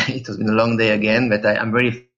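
A middle-aged man from France with a French accent, answering interview questions in a halting, hesitant way. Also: lowish voice, little pitch movement, a bit bright, dull audio. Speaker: guest.

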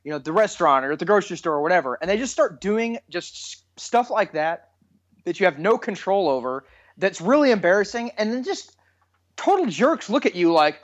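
A man's voice: sits high, moderate pace, lo-fi sound. A man hosting a podcast, chatting casually and joking around. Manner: lively, joking, riffs on the story. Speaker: podcast host. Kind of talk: casual chat.

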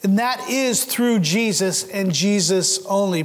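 A man with a high voice preaches a sermon, pressing his congregation with earnest rhetorical questions. His words ring through a church sanctuary, and a long hall reverb trails each phrase. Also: takes it slowly, few pauses. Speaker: pastor.

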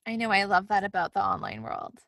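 A woman's voice: mid-range voice, very animated, a little fast, gravelly, a bit bright, dry recording, studio quality. A woman hosting a podcast in casual chat, giggly and enthusiastic, saying "like" a lot. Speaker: podcast host.

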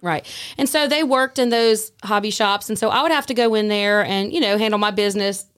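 A woman guest on a podcast, telling a story in a casual, animated way and acting out the dialogue. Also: medium pitch, a little fast. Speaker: guest, former prison staff.

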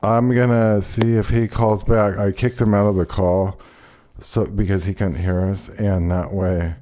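A male talk radio host with a fairly low, mellow voice. He talks in a loose, casual way, swearing here and there as he reads headlines and banters. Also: little pitch movement, measured pace. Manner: loose, profane, laid-back banter.

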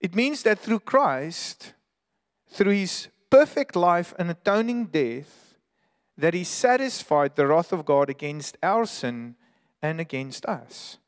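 A man's voice: high voice, very animated, slow pace, big-room sound. A man preaching a sermon as pastor, earnest and emphatic, sometimes restarting his words.

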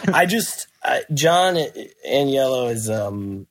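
A man's voice: medium pitch, expressive, drawn-out words, dry recording. Rambling man telling stories, laughing. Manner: rambling, laughs while telling anecdotes, swears. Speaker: guest musician. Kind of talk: casual interview storytelling. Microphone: remote call.

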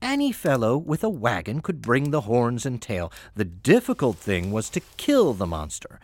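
A man's voice: medium pitch, huge pitch swings, normal speed, darkish tone, dry recording. A man narrating a fairy tale in a wry, playful storytelling manner over faint music.

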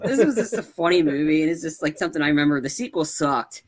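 A man's voice: on the high side, expressive, quick pace. A young man in casual movie chat, retelling scenes animatedly and jumping into exaggerated voices.

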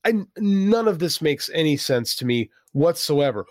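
Exasperated, ranting man with a lively voice. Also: on the high side, normal speed, no echo, clean studio sound. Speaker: podcast co-host. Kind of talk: casual wrestling podcast chat.

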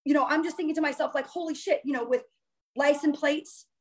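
A woman's voice: high voice, steady tone, fairly quick, low-quality recording. Earnest rambling woman telling a story. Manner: earnest, rambling with frequent restarts. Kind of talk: personal storytelling.

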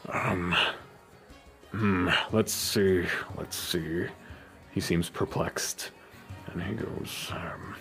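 A man narrating a tabletop game as game master, thinking aloud in an unhurried way. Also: sits low, steady tone. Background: faint music.

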